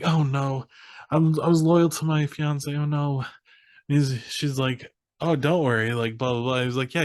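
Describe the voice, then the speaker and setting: A man's voice: mid-range voice, dry recording, clean studio sound. A young man co-hosting a podcast, retelling a movie plot casually and often laughing as he acts out the characters' lines. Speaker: podcast co-host. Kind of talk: casual movie recap chat.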